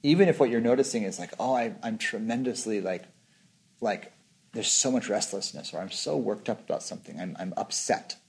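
A man's voice: lowish voice, animated, brisk, vocal fry, a little mellow. A man giving an informal meditation talk as a teacher, speaking reflectively and often acting out his own inner voice.

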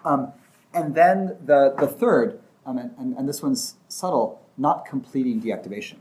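A man explains ideas in a loose, conversational teaching talk. His voice is mellow and warm at a middle pitch. He restarts sentences often and acts out brief examples as he goes. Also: normal speed.

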